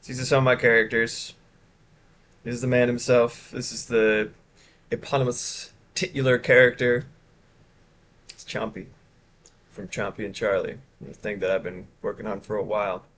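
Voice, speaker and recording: A man's voice: medium pitch, steady tone, normal speed, pauses often, fairly bright tone, a little hiss or hum. A man streaming live, chatting casually and rambling with chat while showing his art. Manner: rambling, chatty, self-interrupting.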